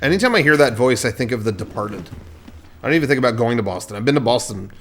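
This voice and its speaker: A man's voice: mid-range voice, lively intonation, slight background noise. A man with an ordinary mid-range voice co-hosting a loose podcast. He rambles and jokes, stumbling through fillers as he goes. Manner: halting, filler-heavy, joking. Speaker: podcast co-host. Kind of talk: raw casual podcast banter.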